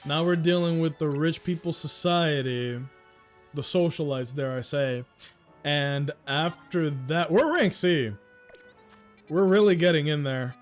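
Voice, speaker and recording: A man's voice: on the high side, measured pace, soft background music. A man streaming a game, chatting casually with friends and joking with plenty of swearing, riffing on the game's dialogue. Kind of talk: casual let's-play commentary with friends.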